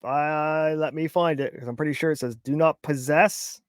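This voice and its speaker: A man's voice: a little high, steady tone, moderate pace, clear, resonant tone, dry recording. Argumentative man co-hosting a chat. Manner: argumentative, crude joking. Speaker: co-host. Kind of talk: casual chat.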